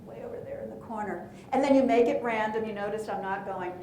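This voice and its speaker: A woman coaches a roomful of people at a conference, her talk lively and playful. She keeps asking the audience questions. Her voice carries through an echoey room over a faint low rumble. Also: fast talker. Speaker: presentation coach. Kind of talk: live conference workshop talk.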